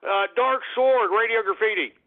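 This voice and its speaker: A man's voice: high voice, moderate pace. A man hosting a call-in radio show, ranting profanely and sounding exasperated at callers. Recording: tinny phone-line quality.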